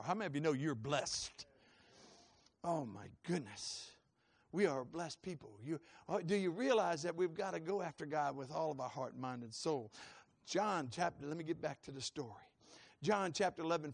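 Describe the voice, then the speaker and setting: A middle-aged man preaching a sermon, fervent, with rhetorical questions and sudden high, whining voices when he acts out prayers. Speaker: pastor.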